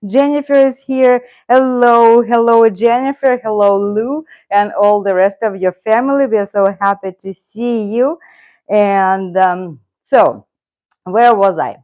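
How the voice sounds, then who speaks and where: A woman's voice: medium pitch, a little slow, a little mellow, dull audio. A middle-aged woman with a Russian accent, chatting casually and rambling on a live stream. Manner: rambling, talks to her cat and viewers. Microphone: loose clip-on mic.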